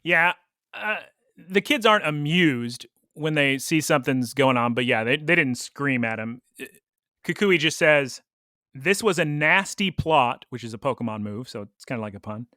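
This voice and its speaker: A man's voice: mid-range voice, normal speed, pushed and bright, no echo, clean studio sound. A man co-hosting a podcast, recapping a cartoon episode in casual, opinionated chat and laughing often. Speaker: podcast co-host.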